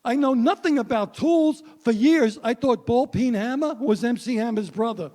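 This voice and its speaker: High-voiced wry stand-up man. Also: animated, moderate pace, warm tone, slight background noise. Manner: punchy, wry, addresses the crowd. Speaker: stand-up comedian. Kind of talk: stand-up comedy set. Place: stage before a live audience.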